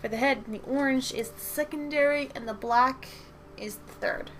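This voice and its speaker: A woman's voice: sits high, normal speed. A young woman at home, tired after work, rambling in a jokey, self-deprecating way as she chats while drawing. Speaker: channel host. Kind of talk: casual chat while drawing. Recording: music playing behind.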